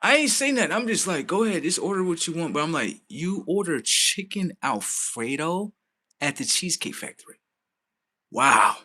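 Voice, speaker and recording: A man with rants to his stream. His pitch swings up and down and his tone is bright. He talks casually, incredulous, and swears freely. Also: moderate pace. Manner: animated, incredulous, swears freely, quotes others in his own voice. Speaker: livestream host. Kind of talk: casual storytelling rant.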